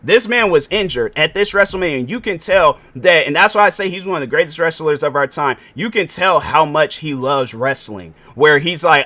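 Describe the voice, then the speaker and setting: Animated young man with a bright voice. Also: fairly high pitch, normal speed, hardly any pauses. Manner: rambling, animated, self-correcting with many fillers. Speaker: podcast host. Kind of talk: casual solo podcast monologue. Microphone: sitting at a podcast mic.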